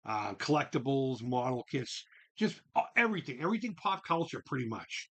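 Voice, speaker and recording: Very animated and fairly quick, a man with a mid-range, slightly bright voice hosts a laid-back livestream and reads out viewer chat. He rambles and restarts, swearing liberally and exclaiming in disbelief.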